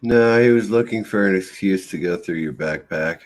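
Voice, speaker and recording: A middle-aged man telling a story calmly in casual chat, laughing now and then. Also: sits low, moderate pace. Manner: calm, laughs while telling his story.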